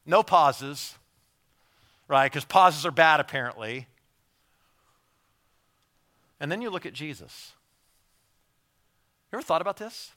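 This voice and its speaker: A man preaching a sermon in a conversational way, repeating words as he goes and acting out quick asides. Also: mid-range voice, expressive, sharp tone. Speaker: pastor.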